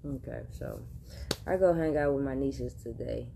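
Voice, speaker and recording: A woman's voice: very deep voice, moderate pace, vocal fry, noisy background. A woman hosting a podcast, telling a casual story straight to her listeners, chatty and laughing often. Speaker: podcast host.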